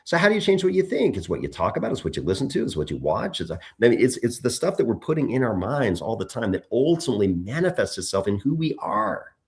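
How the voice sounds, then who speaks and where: A middle-aged man speaks as a candidate in a conversational interview, and his pitch swings widely as he talks. He tells stories at length and often stops to restart a phrase or repeat a word. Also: fast talker, hardly any pauses. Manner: animated storytelling, frequent restarts. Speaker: political candidate as guest.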